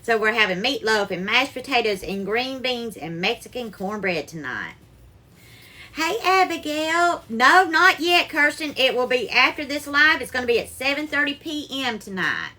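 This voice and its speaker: Woman, live-stream cooking host, high-pitched, bright voice, calls viewers darling, greets them by name, home kitchen, phone mic. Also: very animated, moderate pace.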